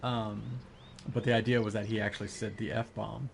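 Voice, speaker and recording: A man's voice: on the low side, little pitch movement, normal speed, creaky, slight background noise. A man chatting casually with his viewers while gaming, rambling with lots of fillers and restarts. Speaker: live streamer.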